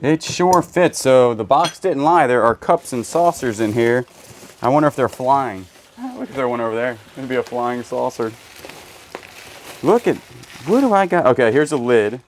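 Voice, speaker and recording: A man's voice: mid-range voice, animated, moderate pace. A man hosting a casual storage unit unboxing, cracking goofy jokes as he unpacks. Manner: joking, goofy asides. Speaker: storage unit reseller host. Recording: faint background noise, birds.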